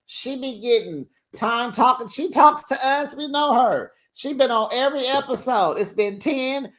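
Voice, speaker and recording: A woman's voice: on the high side, animated, moderate pace. A woman hosting a reality TV recap, talking in a sassy, casual way and often laughing.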